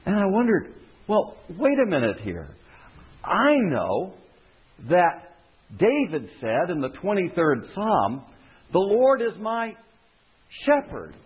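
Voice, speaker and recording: Husky-voiced preacher on a tinny line. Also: male voice, high-pitched, huge pitch swings, slow pace, pauses often. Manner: teaching, explanatory, repeats phrases for emphasis. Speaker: pastor. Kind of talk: sermon. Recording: tinny phone-like sound.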